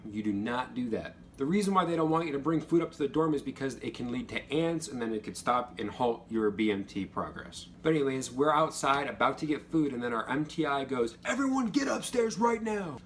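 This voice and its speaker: Young man, casual advice vlog, animated storytelling, mid-pitched voice, faint background noise. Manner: animated, acts out drill instructors' yells. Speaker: vlogger, former Air Force trainee.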